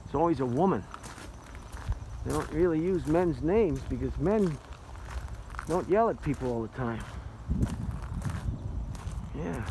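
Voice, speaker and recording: A man's voice: mid-range voice, background noise. An older retired man rambling and joking as he films a casual walking vlog outdoors. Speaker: vlogger. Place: outdoors in an arboretum.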